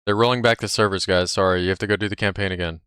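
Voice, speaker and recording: A man's voice: deep voice, steady tone, racing, a bit bright, clear, resonant tone, no echo, clean studio sound. A man streaming live, chatting casually in a brash, profane, cocky way. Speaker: livestreamer.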